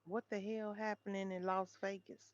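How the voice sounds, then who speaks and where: A woman's voice: medium pitch, level tone, moderate pace, no echo, lo-fi sound. A woman hosting a casual livestream, chatting with viewers and reading headlines aloud. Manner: chatty, talks straight to viewers. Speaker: livestream host.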